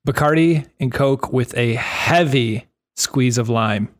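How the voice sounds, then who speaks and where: A man co-hosting a podcast, talking in an enthusiastic, animated way. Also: medium pitch, slow. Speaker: podcast co-host. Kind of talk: casual chat.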